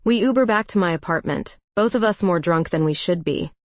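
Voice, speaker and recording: A woman narrating a first-person story in a reflective, even way. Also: on the low side, a little fast, dry recording.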